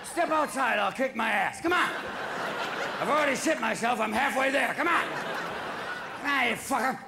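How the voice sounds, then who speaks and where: A man's voice: extremely high pitch, moderate pace, gravelly, echoey room, noisy background, voice pushed up. A comedian playing a belligerent drunk man at a bar, talking slurred and aggressive before a laughing crowd. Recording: live theater audience laughing.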